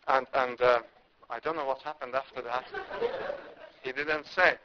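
A man's voice: mid-range voice, steady tone, moderate pace, long pauses, sharp tone. A man from India preaching a sermon, impassioned, with emphatic rises and repeated words. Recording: dull lo-fi recording.

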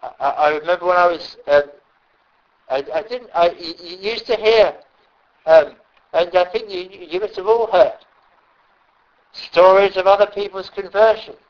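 Halting high-voiced preacher, lo-fi. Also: male voice, big pitch swings, vocal fry. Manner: halting, repeats words, emphatic. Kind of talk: sermon. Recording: dull lo-fi recording.

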